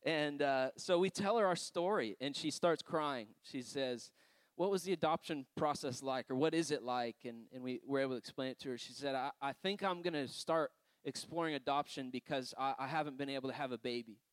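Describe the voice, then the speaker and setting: A man's voice: mid-range voice, clear, resonant tone, no room sound. A man preaching a sermon, telling personal stories in a loose conversational way with frequent laughs and asides. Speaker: pastor.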